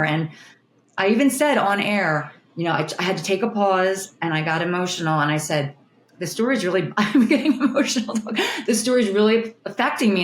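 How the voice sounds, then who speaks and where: A middle-aged woman with a somewhat low voice tells her stories earnestly, and her feeling shows as she talks. She is recorded in an echoey room with faint noise behind her. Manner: earnest, emotional storytelling with restarts. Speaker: TV news reporter. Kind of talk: interview guest, candid conversation.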